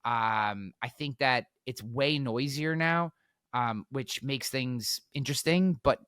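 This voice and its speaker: A man telling stories as a podcast guest, energetic, repeating words and acting out quotes. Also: medium pitch, takes it slowly, clean tone, no room sound, studio quality. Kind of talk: animated storytelling.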